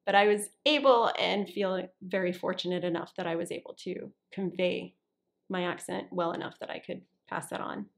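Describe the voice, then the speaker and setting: A woman's voice: lowish voice, fairly even intonation, normal speed, vocal fry. A woman who works as an actor and voiceover artist, chatting as a guest in an interview, often restarting sentences and checking that the listener follows. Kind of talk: casual interview talk.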